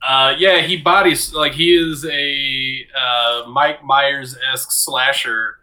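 A man with a very sharp, bright tone talks at a very slow, unhurried pace on a podcast. He is laid-back and often pauses to search for words mid-sentence. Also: medium pitch, steady tone. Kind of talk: casual podcast chat.

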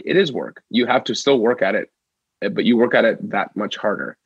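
Husky-voiced enthusiastic male actor, lo-fi sound. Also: lowish voice, expressive, brisk, dry recording. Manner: enthusiastic, rambling with fillers. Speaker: actor and guest. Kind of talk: casual interview.

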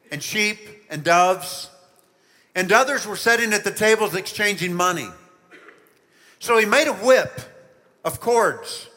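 A man preaching a children's sermon, telling the story with lively emphasis and asking the listeners questions. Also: high voice, long reverb tail. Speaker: pastor.

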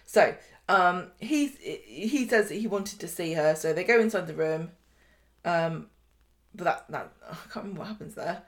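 Her pitch sits fairly low and her delivery is expressive, moving at a moderate clip. As a podcast co-host in a relaxed conversation, she walks through soap opera scenes and acts out the quoted lines.

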